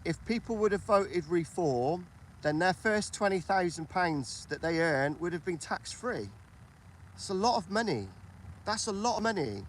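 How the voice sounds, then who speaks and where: A British man with a high-pitched voice hosts a casual political chat on a livestream, speaking in British English. He repeats himself and keeps asking for agreement. A little hiss or hum is audible.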